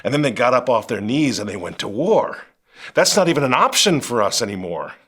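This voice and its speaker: A man's voice: medium pitch, sing-song, brisk, husky. Fiery middle-aged man hosting commentary. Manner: fervent, swings from quiet intensity to loud outrage. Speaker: show host. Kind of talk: impassioned commentary.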